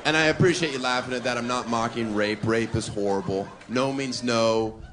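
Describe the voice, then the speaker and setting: A male stand-up comedian performing a brash set with deadpan asides on a comedy club stage. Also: medium pitch, quick pace. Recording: live audience laughter and room noise.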